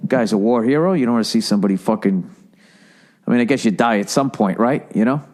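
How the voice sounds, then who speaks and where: A man, talking in a rambling, profane, animated monologue as a podcast host. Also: medium pitch, fast talker. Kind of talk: casual monologue.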